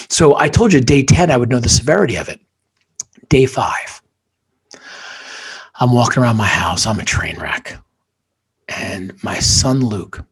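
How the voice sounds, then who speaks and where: A man, a guest, telling a personal story with feeling, dropping to hushed near-whispers and rising to intense emphasis. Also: mid-range voice, husky.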